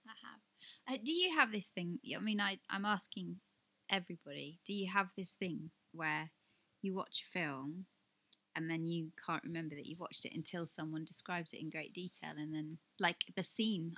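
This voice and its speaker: A woman co-hosting a podcast, chatty and quick to laugh, asking lively questions. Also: fairly low pitch, breathy edge. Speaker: podcast co-host. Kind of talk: casual chat.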